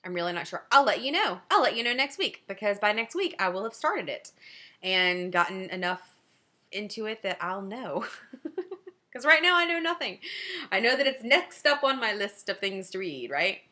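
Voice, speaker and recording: A woman in her forties with a Southern Louisiana accent, hosting a knitting video podcast in a fast, chatty way and laughing often. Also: medium pitch, very animated, sharp tone. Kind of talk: casual chat to camera.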